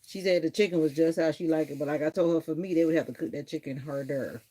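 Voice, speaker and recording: A woman's voice: sits low, fast talker, mellow. A woman hosting a casual livestream, rambling and chatty as she grooms her dog. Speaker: livestream host. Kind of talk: casual chat.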